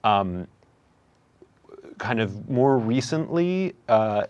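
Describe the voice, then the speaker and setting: A man's voice: mid-range voice, lively intonation, extremely slow, darkish tone, clean tone, no echo, dull audio. A young adult man, a comedian and host, answering interview questions in a reflective, hesitant way with many fillers and restarts.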